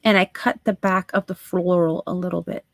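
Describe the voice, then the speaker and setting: A woman's voice: fairly low pitch, steady tone, moderate pace, no room sound. Chatty woman hosting a live craft stream. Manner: talks to chat viewers while working, soft asides. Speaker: craft livestream host.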